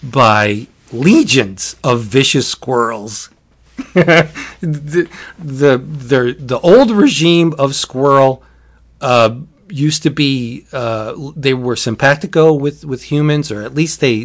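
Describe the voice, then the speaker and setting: A man's voice: medium pitch, a little slow. A man casually recapping a book's plot, rambling, restarting often and laughing. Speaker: book reviewer. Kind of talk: casual chat.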